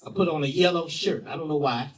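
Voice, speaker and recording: A man telling a personal story as a spoken-word performer, theatrical, swinging from loud lines to hushed ones and repeating phrases for effect. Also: fairly high pitch, fast talker, far from the mic, rough recording.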